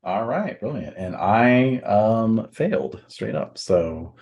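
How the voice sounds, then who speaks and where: A man narrating as game master of a tabletop game, unhurried, with many fillers and restarts. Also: lowish voice, very animated, darkish tone.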